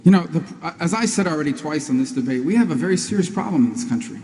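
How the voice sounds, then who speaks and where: A man on a debate stage, talking fast and hammering his points in a rapid, emphatic stump-speech rhythm. His voice sits fairly high with a mellow, dark tone. The sound carries a long hall reverb. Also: expressive, a little hiss or hum. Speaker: presidential candidate.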